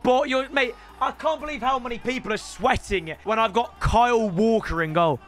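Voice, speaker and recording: A young man with a British accent giving excitable, shouty live commentary on his football game as a streamer, bantering with chat. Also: very high voice, moderate pace, faint music behind. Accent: British English. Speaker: gaming streamer.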